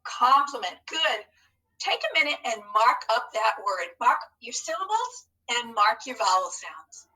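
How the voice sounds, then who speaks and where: A woman's voice: fairly high pitch, sing-song, bright, forceful tone, distant mic, poor audio. A woman teacher giving a recorded spelling lesson to young students in an upbeat, encouraging way. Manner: upbeat, encouraging, slow and deliberate.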